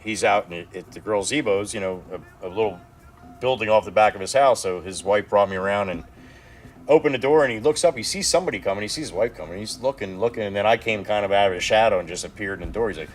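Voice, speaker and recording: Low-voiced, rambling, swearing man. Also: fast talker. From New Jersey. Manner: rambling, profane, animated storytelling. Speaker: livestream guest. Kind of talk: casual livestream chat.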